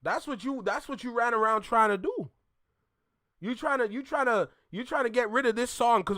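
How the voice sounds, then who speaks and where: A man's voice: very high voice, expressive, moderate pace, a bit bright, dry recording, clean studio sound. A man from Canada hosting a reaction video, ranting bluntly in casual commentary and laughing often.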